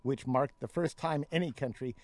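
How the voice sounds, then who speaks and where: A man's voice: medium pitch, moderate pace, no room sound. A man co-hosting a casual talk show, reading news items aloud and adding his own blunt opinions. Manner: reads news items then riffs with opinions. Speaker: news segment co-host.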